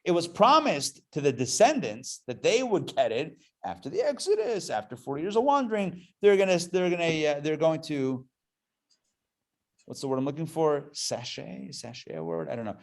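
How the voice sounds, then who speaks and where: A man, a rabbi, teaching a live adult class in a playful, animated way, full of jokes and rhetorical questions. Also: fairly high pitch, moderate pace. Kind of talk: live adult education lecture.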